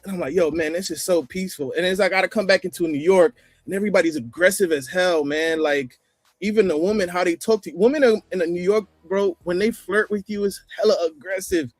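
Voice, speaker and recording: A man's voice: high voice, brisk, no echo. A man telling stories in a casual, slangy chat, laughing often.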